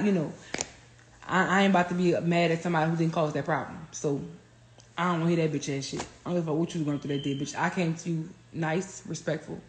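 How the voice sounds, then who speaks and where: A woman, telling stories on a phone livestream in a profane, animated way. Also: lowish voice, slight background noise. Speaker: livestream host. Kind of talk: casual livestream rant. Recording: roomy echo.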